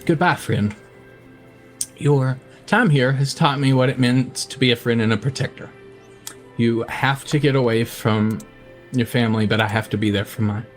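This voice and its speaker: Man doing a young farm boy, earnest, tearful, mid pitch, soft music behind. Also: moderate pace, lightly acted.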